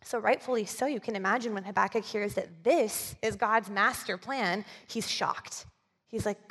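A woman's voice: mid-range voice, normal speed, fairly bright tone, slightly rough. Woman preaching in an echoing hall. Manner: conversational, asks the audience for agreement. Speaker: communications director, preacher. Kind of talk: sermon. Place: church.

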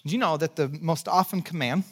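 High-voiced pastor preaching a sermon. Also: male voice, brisk, husky. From California, United States. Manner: earnest, storytelling, with dry jokes.

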